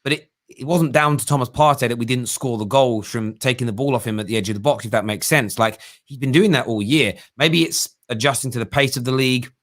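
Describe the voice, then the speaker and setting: Guy hosting a call-in show, middle pitch, chatty and a bit stop-start. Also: fairly quick, hardly any pauses, a bit bright, dry recording, studio quality. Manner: conversational, hesitant restarts. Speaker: host.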